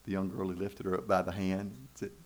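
A man's voice: low voice, fairly even intonation, fairly quick. A man preaching a sermon in church, folksy and emphatic, with rhetorical questions to the congregation. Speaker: pastor.

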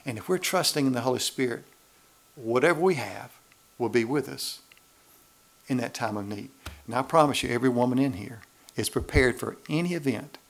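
Gravelly-voiced preacher. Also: male voice, medium pitch, brisk. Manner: animated preaching, acting out voices. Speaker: pastor. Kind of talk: sermon. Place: church.

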